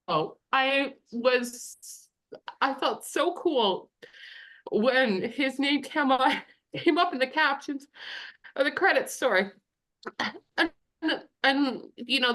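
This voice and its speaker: A woman speaking at a memorial over a video call, teary and sick with covid, halting and heartfelt. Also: sits high, fairly bright tone. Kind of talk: emotional personal tribute.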